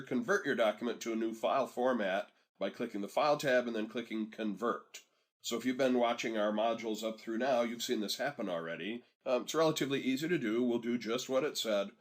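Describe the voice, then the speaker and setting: A man giving a screen-recorded software tutorial, talking students through each step in a relaxed, conversational way and pausing so they can catch up. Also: medium pitch. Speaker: software instructor.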